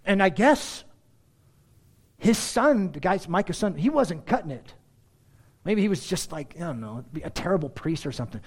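A man preaching a verse-by-verse sermon with sarcastic asides and rhetorical questions, swinging between loud exclaims and hushed asides. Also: high-pitched, sing-song, normal speed, long pauses. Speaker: pastor. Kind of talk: expository sermon.

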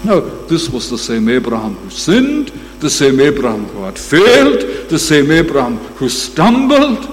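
A man delivering a sermon with a slightly high, animated voice that climbs and drops as he presses each point. He grows emphatic when he quotes scripture. His words ring out in a long reverberant hall over a faint hum. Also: unhurried, few pauses. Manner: emphatic, rising to bursts when quoting scripture. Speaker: preacher.

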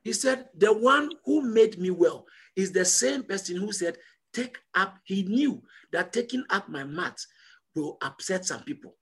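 A man preaching a sermon as pastor, emphatic and repetitive, building to loud call-and-response peaks. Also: high voice, expressive, measured pace, breathy edge.

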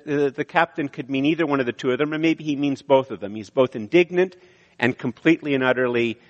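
A man preaches a conversational sermon, his voice at a middle pitch. He often stops and restarts his sentences. A long reverb trails his words through a hall. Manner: conversational, with frequent restarts and fillers. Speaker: pastor.

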